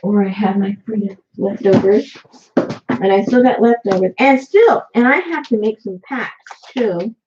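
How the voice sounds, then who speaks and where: A woman's voice: mid-range voice, unhurried, a little mellow, slight background noise. A woman hosting a casual crafting chat for her viewers, rambling and chatty with lots of fillers and restarts. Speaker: crafting channel host. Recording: dull lo-fi sound.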